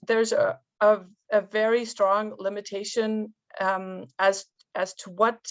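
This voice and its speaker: Woman panelist over a muffled call line, mid pitch, thinks aloud with lots of restarts. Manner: thoughtful, restarts often. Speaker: panel speaker. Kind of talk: panel discussion. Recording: dull lo-fi call audio.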